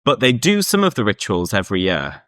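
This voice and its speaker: A person co-hosting a podcast, talking through a horror film in a reflective, casual way. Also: male voice, on the low side, wildly swooping pitch, a little fast, a bit bright, no room sound, clean studio sound. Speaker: podcast co-host.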